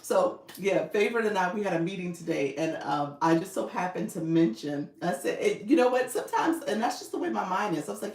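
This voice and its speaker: Woman live-streaming to fans, laughs a lot, low gravelly voice, roomy echo. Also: lively intonation, a little fast, hardly any pauses, darkish tone. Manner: upbeat, laughs often, reads comments aloud. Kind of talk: casual live-stream chat with viewers. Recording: echoey room.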